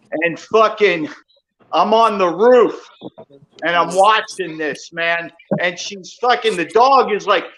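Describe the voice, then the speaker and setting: A man on a casual call, telling a heated story in profane, worked-up bursts with loud shouted quotes. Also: high voice, a little hiss or hum. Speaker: call-in guest.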